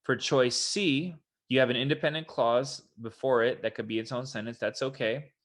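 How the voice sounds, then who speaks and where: A man's voice: medium pitch, steady tone, normal speed, a bit bright. A man tutoring for a college entrance test, casually walking through answer explanations in an online lesson. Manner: casual, explanatory, quotes examples in a put-on voice. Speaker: SAT tutor. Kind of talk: online test prep walkthrough.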